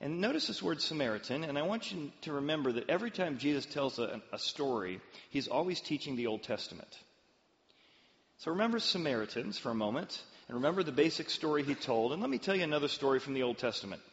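Animated male preacher in a hall. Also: fairly high pitch, fast talker. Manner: animated, dramatic storyteller. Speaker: pastor. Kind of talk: sermon storytelling. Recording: dull, long-reverb hall sound.

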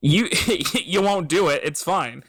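A man co-hosts a podcast in casual banter, playful and a bit pedantic as he argues his points. His voice is bright and forward, recorded close and dry. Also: a little high, takes it slowly, husky, no echo. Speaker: podcast co-host. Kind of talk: casual chat.

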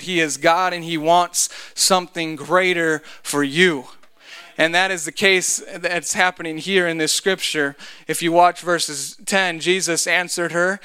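A man's voice: fairly high pitch, fairly even intonation, a little slow, bright, forceful tone, clean tone. A man pastor, giving a conversational sermon with joking asides.

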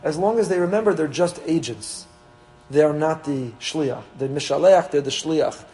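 Man, rabbi teaching a Torah class; animated, pitch on the higher side. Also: moderate pace, poor audio. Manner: animated, mixing Hebrew terms into English.

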